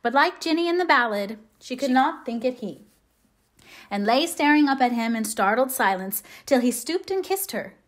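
A woman narrating a classic novel aloud in a measured, gently expressive way. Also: high-pitched. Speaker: audiobook reader. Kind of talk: scripted narration.

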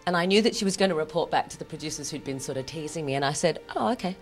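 Low-voiced chatty woman. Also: very fast, faint music behind. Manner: chatty storytelling, fond of self-deprecating asides. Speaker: actress interviewed as a guest. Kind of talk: casual interview chat.

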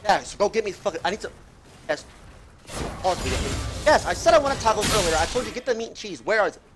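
A man streaming live esports commentary on a tournament match, profane and excitable, yelling through the fights. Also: sits high, fast talker. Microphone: headset. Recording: game music playing behind.

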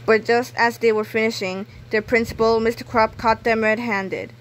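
A woman reading a children's book aloud in a clear storytelling manner. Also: fairly high pitch, fairly even intonation, moderate pace, slight background noise, poor audio. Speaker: reader.

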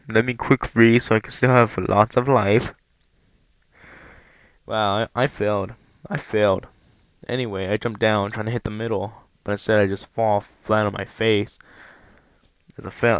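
A man's voice: fairly low pitch, flat delivery, normal speed, clean tone, no room sound. A young man giving casual let's play commentary over a headset, rambling and self-deprecating, with frequent ums.

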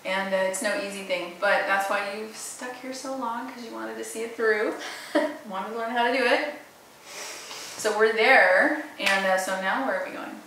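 A woman's voice: medium pitch, moderate pace, a bit bright, a little hiss or hum. A woman voice coach chatting with a student in an encouraging, casual way, recorded in a teaching studio. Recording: echoey room, distant mic.

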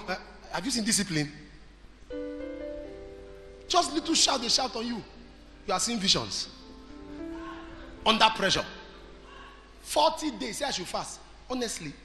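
A man preaching a sermon, telling stories that rise to shouted declarations. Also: high voice, roomy sound, in a large hall. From Nigeria. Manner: storytelling that builds to shouted declarations. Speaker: pastor. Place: large church hall.

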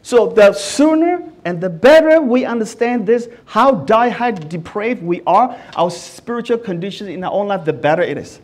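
Male pastor, high voice, earnest sermon with frequent restarts. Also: lively intonation, moderate pace, hardly any pauses. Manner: earnest, asks the listeners many questions; often restarts words mid-sentence.

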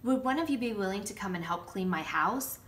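Woman doing a gentle polite hermit crab. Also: medium pitch, lively intonation, fairly quick, natural voice. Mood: admiring, polite. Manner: polite, admiring, softly pleading.

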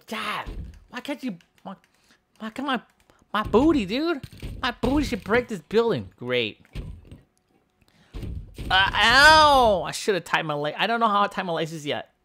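A man voicing Bob, a boastful, goofy male strongman who smashes buildings in a video game, with shouty brags and childish jokes. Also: on the high side, lively intonation, fairly quick, a little hiss or hum. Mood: rowdy. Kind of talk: comedic game character voiceover.

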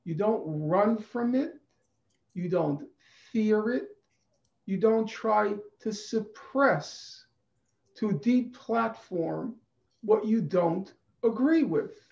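A man giving a deliberate, emphatic conference talk over a video call, repeating phrases for stress. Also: high voice, vocal fry, a little mellow. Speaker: conference speaker. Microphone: computer mic on a video call. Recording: echoey, dull video-call audio.

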